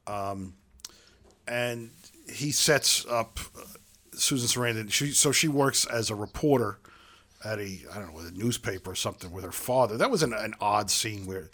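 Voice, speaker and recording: A man's voice: lowish voice, lively intonation, normal speed, fairly bright tone. A man co-hosting a casual film podcast, telling the plot in a loose, rambling way full of fillers. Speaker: podcast co-host. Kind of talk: casual film-review chat.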